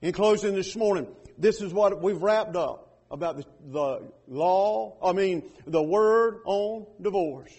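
Husky high-voiced preacher. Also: male voice, slow, hardly any pauses. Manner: impassioned, swells loud then drops to a hush. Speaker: pastor. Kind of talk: sermon.

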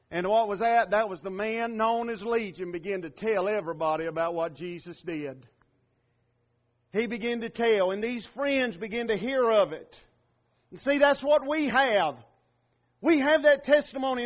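A man preaching a sermon, swelling loud on key lines and then dropping low.

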